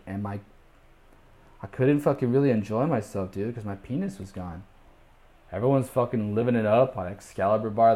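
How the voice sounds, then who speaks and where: Profane young man telling a wild story. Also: fairly low pitch. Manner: crude, profane, animated with panicked shrieks. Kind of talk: casual storytelling.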